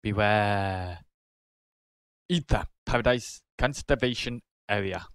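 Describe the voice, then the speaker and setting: A British man hosting a card-opening video, casually calling out each card and getting excited over good pulls. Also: fairly low pitch, slow, gravelly, clear, resonant tone, dry recording. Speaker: card-opening channel host.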